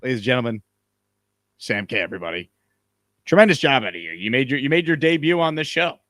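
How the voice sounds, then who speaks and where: An upbeat man hosts a casual live stream and reads viewer comments aloud in an easy, chatty way. His voice sits at a middling pitch, and it sounds dry and close with no room echo. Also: big pitch swings, fast talker, a bit bright. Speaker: show host. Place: hotel room.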